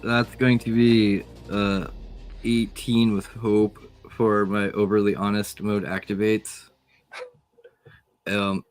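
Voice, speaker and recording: Lower-voiced man playing a tabletop game. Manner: narrates character actions in third person. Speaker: player.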